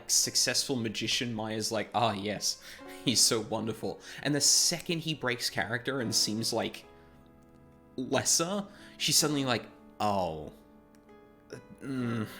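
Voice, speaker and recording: A man's voice: mid-range voice, sharp tone. Rambling man commenting over game music. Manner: rambling, hesitant, many fillers. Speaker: gaming YouTuber.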